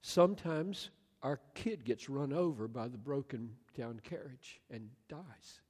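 A man in his sixties preaching a sermon, emphatic and swinging up to loud, impassioned bursts. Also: medium pitch, unhurried, breathy edge. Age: 60s. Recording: echoey hall with long reverb.

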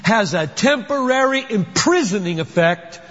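A man's voice: sits high, lively intonation, a little slow, a bit bright. A man preaching a sermon, emphatic, posing rhetorical questions and then answering them. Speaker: pastor. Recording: dull lo-fi recording with long hall reverb.

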